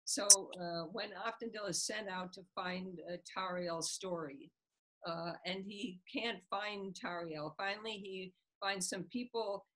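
A woman's voice: mid-range voice, measured pace, rough recording. A woman author being interviewed, retelling a scene from a book and acting out its characters' lines. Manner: animated storyteller, acts out the characters' lines with a laugh.

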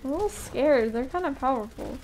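A woman's voice: high-pitched, lively intonation, fairly quick, a little mellow. A woman streaming a game live, chatting bubbly to her chat and laughing often. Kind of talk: live gameplay commentary.

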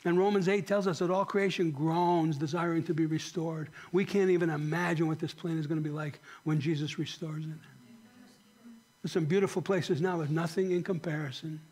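A man preaching a sermon as pastor, impassioned, rising to emphatic questions and dropping to soft, quiet lines. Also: on the high side, steady tone, a little fast.

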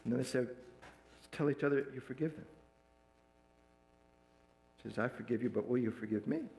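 A man's voice: medium pitch, normal speed, creaky, a little mellow. Man preaching in a roomy church. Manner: retells a counseling story, acting out quoted dialogue. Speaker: pastor. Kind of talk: sermon storytelling. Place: church sanctuary.

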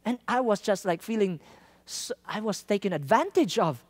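A man from the Philippines, a traveling missionary telling a lively testimony in a sermon, laughing often and acting out the people in his story. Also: sits high, moderate pace. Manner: animated, laughs often, acts out quoted lines.

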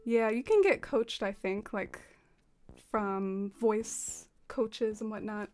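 A woman's voice: medium pitch, slow pace, darkish tone, soft background music. An American woman streaming a game, chatting casually with viewers, giggling often and using lots of fillers. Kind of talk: casual chat reading out chat messages.

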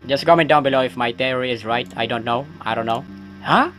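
A man giving jokey, excitable let's play commentary, yelping at scares. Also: mid-range voice, fast talker, soft background music. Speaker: gaming YouTuber.

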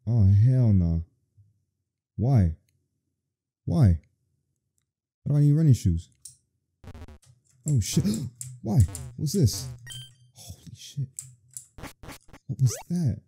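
A man's voice: mid-range voice, expressive, very slow, pauses often, dark tone, slightly rough. A man playing a horror game on video, reacting with crude, profane jokes. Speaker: gaming video host. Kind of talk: let's play commentary.

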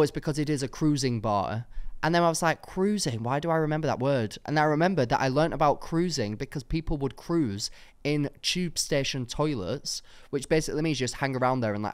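A man's voice: mid-range voice, smooth. A man, co-hosting a podcast and telling a story in a rambling way, full of fillers. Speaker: podcast co-host. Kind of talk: casual anecdotal chat.

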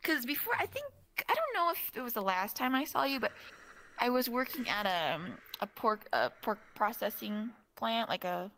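Drunk young woman rambling w/ a friend, bright voice, like like like, animated storyteller. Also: fairly high pitch, normal speed, a little hiss or hum. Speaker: streamer chatting with a friend. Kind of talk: casual chat.

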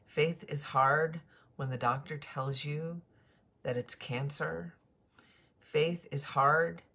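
A woman's voice: low voice, a bit bright, husky. A woman pastor giving a morning devotion, greeting listeners by name and preaching earnestly with emphatic repetition.

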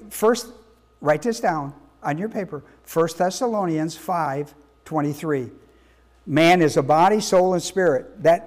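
A man with a high-pitched voice preaches as a pastor. He teaches emphatically, repeating himself and quizzing the congregation. His delivery is halting and full of restarts. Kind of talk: sermon teaching.

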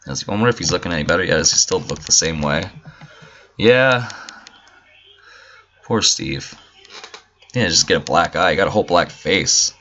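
A man's voice: low-pitched, animated, moderate pace, pauses often, sharp tone, highs cut off, slight background noise. A man giving casual, profane, joking let's play commentary and talking back to game characters. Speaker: gamer.

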